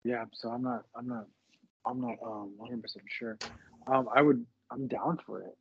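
A man's voice: mid-range voice, steady tone, normal speed, gravelly, slight background noise. A man co-hosting a podcast, chatting casually in a rambling, hesitant way that repeats its starts, on a muffled lo-fi recording. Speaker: podcast co-host. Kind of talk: casual chat.

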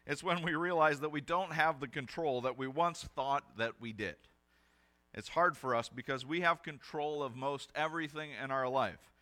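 A man's voice: mid-range voice, sharp tone. A young adult male pastor giving a sermon in a conversational, storytelling way with casual fillers.

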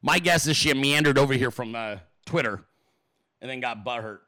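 A man's voice: normal speed, bright, forceful tone, no room sound. A man hosting a casual livestream Q&A, swearing freely, mocking his chat and ranting. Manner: profane, mocking, puts on shrill voices. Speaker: livestream host. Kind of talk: crude casual livestream rant.

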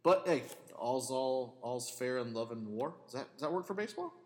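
A man hosting a casual family podcast, rambling and animated, laughing often. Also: mid-range voice, normal speed. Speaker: podcast host. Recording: long hall reverb.

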